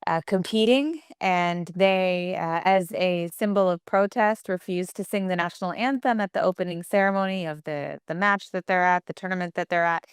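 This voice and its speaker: Measured woman panelist, very clear voice. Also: on the low side, dry recording, studio quality. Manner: measured, with frequent "uh" pauses. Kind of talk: casual news chat.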